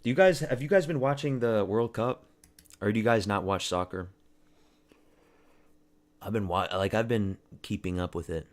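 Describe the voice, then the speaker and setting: A man's voice: lowish voice, normal speed, long pauses. A man hosting a casual fight watch-party stream, rambling, swearing and answering chat. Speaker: livestream host.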